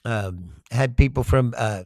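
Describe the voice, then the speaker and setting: A man's voice: mid-range voice, unhurried, warm tone, no room sound. A man hosting a casual livestream, reading viewer comments aloud, laughing often and swearing freely. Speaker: livestream host.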